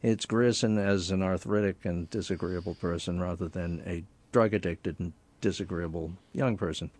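A man's voice: low voice, moderate pace, darkish tone. A man being interviewed on the radio about his books, speaking with wry, dry humor. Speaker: guest author.

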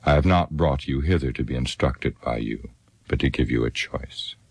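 A man voicing a slow, sneering old wizard. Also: a bass voice, vocal fry, a little mellow, husky, no room sound, exaggerated voice. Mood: cold. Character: scornful proud old male wizard.

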